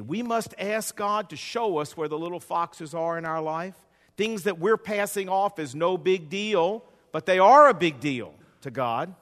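A man's voice: high voice, lively intonation, measured pace, a bit bright. A male pastor preaching a sermon with a folksy storytelling style and a repetitive cadence, in a church sanctuary. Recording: long hall reverb.

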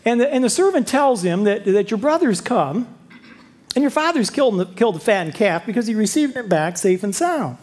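Husky man preaching with animated delivery. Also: high-pitched, fairly quick. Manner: lively storytelling, rhetorical questions. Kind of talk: sermon.

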